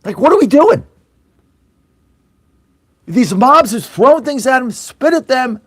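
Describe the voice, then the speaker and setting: A man's voice: very high voice, lively intonation, measured pace, dry recording, clean studio sound. A middle-aged man hosting a political talk radio show, ranting angrily and sarcastically, swearing bluntly and mocking his opponents. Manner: blunt, swears, repeats for emphasis.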